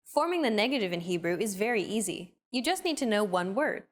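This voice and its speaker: A woman narrating a scripted language lesson in a clear, upbeat, explaining manner. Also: mid-range voice, big pitch swings, fairly quick.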